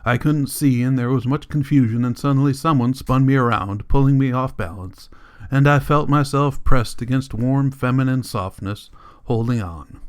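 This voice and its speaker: A man's voice: mid-range voice, moderate pace. Man reading a novel aloud steadily. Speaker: audiobook narrator. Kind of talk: scripted narration.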